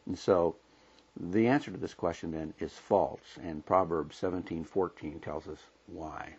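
Gravelly-voiced man teaching a Bible lesson. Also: low voice, darkish tone, muffled recording. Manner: plain, conversational, pauses to explain verses. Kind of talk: recorded Bible class lesson.

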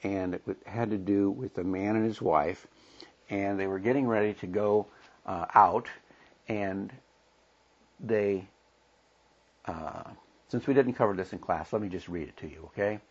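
Brief: husky, low-voiced man teaching a Bible lesson, muffled lo-fi tape. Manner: plain, conversational, pauses to explain verses. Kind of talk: recorded Bible class lesson.

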